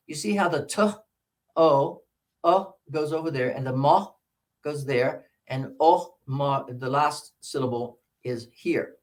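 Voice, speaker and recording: Man drilling word stress aloud. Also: a little high. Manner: drills words slowly, counting syllables aloud. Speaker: English pronunciation teacher. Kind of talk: teacher-training workshop talk. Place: presentation room with a mic.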